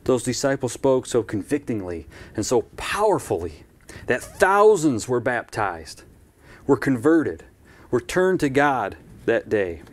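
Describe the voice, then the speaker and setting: A man's voice: mid-range voice, big pitch swings, measured pace. A man preaching a live-streamed church sermon in a conversational way, with asides and repeated phrases.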